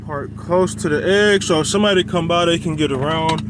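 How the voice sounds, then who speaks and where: A man's voice: on the high side, fairly quick, background noise. A young man talking loosely to his viewers while working on his car outdoors, a little out of breath. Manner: loose, rambling, talks to viewers as y'all. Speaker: car vlogger. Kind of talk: casual vlog chat. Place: outdoors on a quiet roadside.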